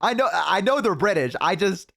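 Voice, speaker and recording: Male streamer, casual reactions, high voice that jumps around, disbelieving. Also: very animated, normal speed, gravelly, fairly bright tone. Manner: incredulous, exclaiming, swearing.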